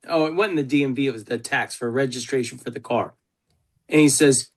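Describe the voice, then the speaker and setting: Speaking fairly quickly in a mid-range voice, a man hosts a consultation over a casual video call. He tells stories bluntly and swears freely.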